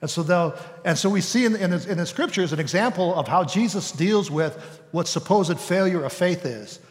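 Reverberant male preacher, fairly high voice. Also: expressive, moderate pace. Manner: conversational preaching, acts out voices. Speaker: pastor. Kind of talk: sermon.

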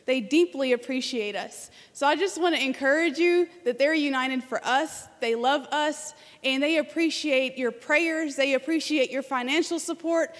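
A woman's voice: high voice, moderate pace, few pauses, fairly bright tone. A woman from Arkansas, a guest speaker in a church, telling an earnest story and leading prayer. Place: church sanctuary. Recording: church hall reverb.

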